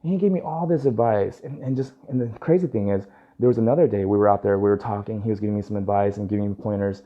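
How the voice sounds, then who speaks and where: Animated man telling a story. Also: on the low side, quick pace. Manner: animated storyteller, acting out dialogue, laughing often. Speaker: dog groomer and vlogger. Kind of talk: casual storytelling. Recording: dull lo-fi recording.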